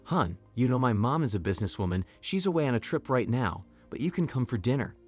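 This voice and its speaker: Brief: man voicing a cold, dismissive young daughter in a narrated story, lively delivery. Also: medium pitch, quick pace, faint music behind. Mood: coaxing. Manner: sharp, dismissive.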